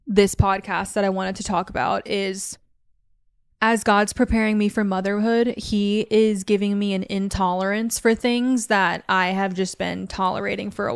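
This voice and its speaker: A woman's voice: medium pitch, clear, resonant tone. A young adult woman hosting a podcast, talking candidly in a casual monologue, with lots of "like" fillers. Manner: candid and chatty, heavy use of "like". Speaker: podcast host.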